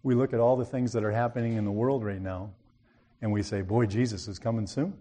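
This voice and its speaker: A man's voice: fairly low pitch, steady tone, fairly quick, mellow. A man preaching a sermon, telling a story in a folksy, earnest way and rising to emphatic appeals.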